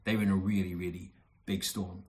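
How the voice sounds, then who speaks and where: A man preaching a sermon, earnest and emphatic, repeating key phrases and dropping into soft asides. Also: low-pitched, level tone, fairly quick.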